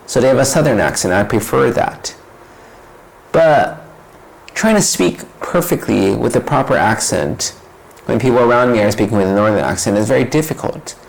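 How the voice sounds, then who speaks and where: A man's voice: mid-range voice, animated, normal speed, gravelly, poor audio. A man giving a casual, reflective monologue as a vlogger, wandering into side stories and asking rhetorical questions. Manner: conversational, digressive with rhetorical questions. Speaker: vlogger explaining ideas.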